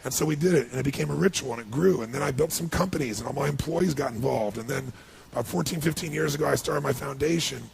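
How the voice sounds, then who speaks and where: A middle-aged man giving a motivational speech, telling a personal story in an animated, emotional way. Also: on the high side, quick pace, vocal fry, crowd noise. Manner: animated, emotional storytelling with rising bursts of intensity. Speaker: motivational speaker.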